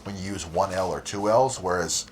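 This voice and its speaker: A man with a low voice, speaking at normal speed, hosts a cooking show from a community TV studio. He's easygoing, rambles, and laughs often while chatting casually over cooking footage, and the studio audio is noisy.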